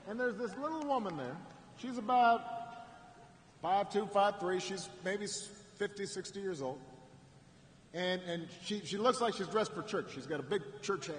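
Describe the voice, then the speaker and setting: A man giving a storytelling campaign speech at a rally in a large arena, with frequent repeated words and restarts and pauses for effect. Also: high voice, fairly bright tone, slight background noise. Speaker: political speaker at a rally. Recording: echoing arena with faint ambience.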